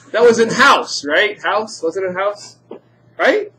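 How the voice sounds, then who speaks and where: A man's voice: sits high, big pitch swings, a little slow, bright, forceful tone, slight background noise. A man teaching a chemistry class, quizzing students and joking in asides. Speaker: high school chemistry teacher. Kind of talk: classroom lecture.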